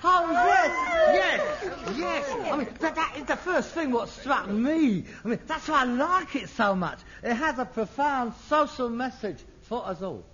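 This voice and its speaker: A huffy, pretentious son bristling with exasperation in an old radio sitcom. His voice sits very high for a man and swoops all over the place. The sound is dull and lo-fi, like an old broadcast recording. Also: sing-song, measured pace, hardly any pauses, crowd noise, exaggerated voice. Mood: pleased. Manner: indignant, huffy, easily exasperated. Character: exasperated, pretentious middle-aged son, amateur actor. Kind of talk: 1960s radio sitcom acting.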